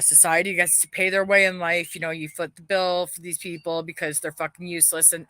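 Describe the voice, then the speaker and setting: A woman's voice: fairly low pitch, pushed and bright, no room sound. A woman ranting bitterly on a livestream, swearing heavily and airing her grievances. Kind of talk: angry livestream rant.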